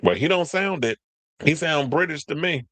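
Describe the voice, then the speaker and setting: A man hosts casual entertainment news commentary, reading stories aloud, chatting with viewers and the live chat, and rambling in slangy talk that loses its thread. His voice is on the high side and fairly bright, with lively intonation, a moderate pace and no room sound.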